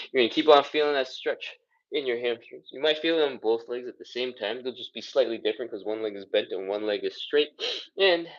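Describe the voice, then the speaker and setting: Male mobility coach, mid pitch, out of breath, casual rep-counting delivery, slightly dull lo-fi sound. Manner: counts reps aloud, casual and encouraging, sighing between moves. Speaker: fitness instructor. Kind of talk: live follow-along workout coaching.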